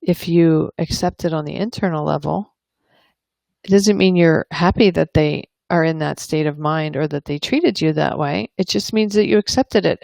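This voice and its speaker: A woman and parenting coach talking calmly and earnestly to camera, explaining ideas and acting out example dialogues. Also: sits low, moderate pace, gravelly, dry recording. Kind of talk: advice talk to camera.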